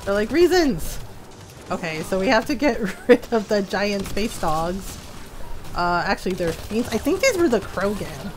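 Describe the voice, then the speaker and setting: A woman's voice: medium pitch, lively intonation, normal speed, noisy background. A woman in her forties chatting casually while streaming a game, telling stories with frequent giggles. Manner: giggly storytelling. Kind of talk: casual gameplay chat.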